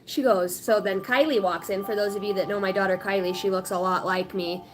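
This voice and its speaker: A woman in her late thirties chatting casually on a spiritual livestream, rambling and animated, often laughing. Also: medium pitch, a little fast, slight background noise. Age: 30s. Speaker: spiritual reader.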